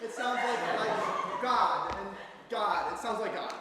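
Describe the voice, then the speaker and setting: A man performing live improv comedy, slowly riffing and laughing while he repeats words. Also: sits high. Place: large hall with audience. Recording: distant echoey hall, crowd and loud noise.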